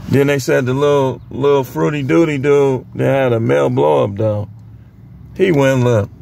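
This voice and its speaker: A young man casually telling work stories to the camera, animated and full of voice impressions. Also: medium pitch, moderate pace, vocal fry, slight background noise. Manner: animated, imitates other people's voices mid-story. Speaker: vlogger. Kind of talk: casual storytelling.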